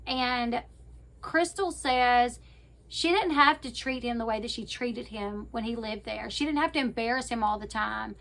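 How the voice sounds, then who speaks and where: A woman YouTuber casually recapping a reality show, talking straight to her viewers with fillers and quick self-corrections. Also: a little high, creaky, fairly bright tone. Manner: chatty, addresses viewers directly. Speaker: YouTube commentator.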